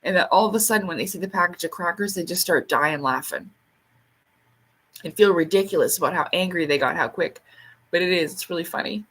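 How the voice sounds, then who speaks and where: A woman's voice: on the low side, brisk, a bit bright, slightly rough. Chatty woman livestreaming over dinner. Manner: rambling, laughs often, swears casually; reads out and answers viewer comments. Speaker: livestream host. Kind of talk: casual chat on a livestream.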